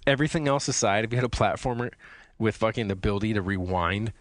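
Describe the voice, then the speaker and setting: A man's voice: lowish voice, quick pace, no room sound. A man co-hosting a podcast in casual chat, loose and profane with lots of fillers. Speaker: podcast co-host.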